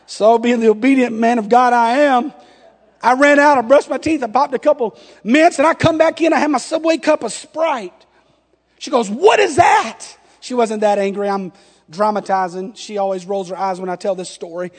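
High-voiced man preaching in a reverberant hall. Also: brisk. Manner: animated, playful storyteller acting out dialogue. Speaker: pastor. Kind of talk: storytelling sermon.

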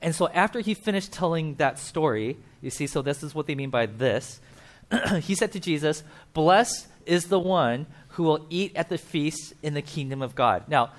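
A man preaching a casual sermon, chatty and full of fillers, often acting out quoted voices. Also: on the high side. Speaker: pastor.

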